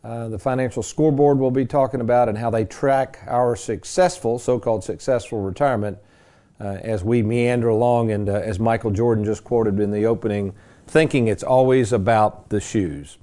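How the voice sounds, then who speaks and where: A man's voice: mid-range voice, steady tone, moderate pace, dark tone. A man hosting a radio talk show on retirement money, talking in a folksy, joking, rambling way with plenty of fillers into a studio microphone. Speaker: radio host and retirement planner.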